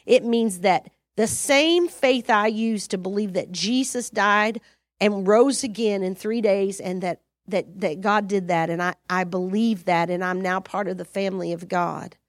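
Animated woman preaching a sermon. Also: medium pitch, measured pace, no echo, clean studio sound. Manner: animated, exhorting with sudden loud rises; acts out her own prayers and dialogues.

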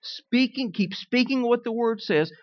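Animated preacher man, muffled sound. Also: very high-pitched, unhurried. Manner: animated, humorous storytelling with rising emphasis. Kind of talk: sermon.

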